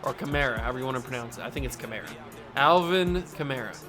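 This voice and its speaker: A man hosting and commentating his own football video game, animated and jokey, with bursts of mock outrage. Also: medium pitch, rapid-fire, over music. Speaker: gaming YouTuber host. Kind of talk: live gameplay commentary.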